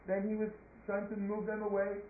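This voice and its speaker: A man calmly retelling a religious tale to listeners in plain words. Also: high voice, a little hiss or hum. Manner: plain, unhurried retelling with fillers. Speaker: storyteller. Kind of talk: religious story narration. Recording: tinny phone-like line, echoey room.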